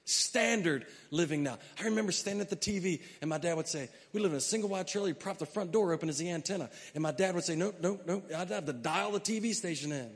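A man with a high voice preaching a sermon in a church sanctuary. He drifts between low, chatty asides and loud, stirring preaching, and reads scripture aloud with weight. Long reverb from the hall trails behind every phrase. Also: fast talker, hardly any pauses. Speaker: pastor.

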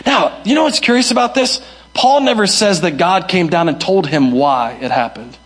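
A man preaching a sermon as pastor, moving between sudden high shouts and soft low asides, and acting out the voices of people he quotes. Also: animated, moderate pace.

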